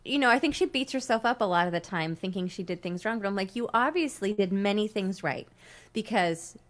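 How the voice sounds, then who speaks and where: A woman's voice: medium pitch, fairly quick. Chatty laughing woman. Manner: chatty, laughs often, animated storytelling. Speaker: host. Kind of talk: casual livestream chat.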